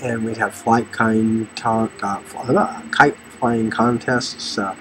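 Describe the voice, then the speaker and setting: A man's voice: steady tone, slow pace, background noise. A middle-aged man from the Los Angeles area telling personal stories about faith in a rambling, storytelling way. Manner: storytelling, voices others with sudden high shouts.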